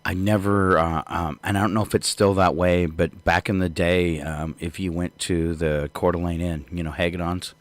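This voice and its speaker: A man's voice: low voice, fairly even intonation, moderate pace, hardly any pauses. An older man co-hosting a casual morning radio show, rambling through jokes and laughing often. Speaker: radio co-host.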